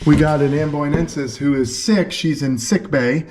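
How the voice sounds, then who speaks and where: At a turtle and tortoise sanctuary, a vlog host speaks at a normal speed in a darkish voice on the high side, his intonation fairly even. He chats eagerly to the camera and the animals in a casual indoor video captured on a camera mic, with a little hiss or hum.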